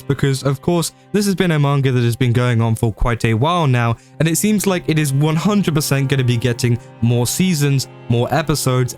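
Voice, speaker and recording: A man delivers an anime video essay in a relaxed, conversational way. His voice sits in the middle range, and he leans on fillers as he talks. Faint music plays behind him. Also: medium pitch. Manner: casual, conversational, uses fillers.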